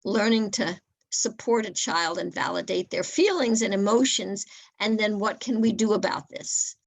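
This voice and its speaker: A woman's voice: mid-range voice, creaky, no room sound. A woman speaking as a guest at a webinar, earnest and repeating words as she restarts her sentences. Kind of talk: webinar talk.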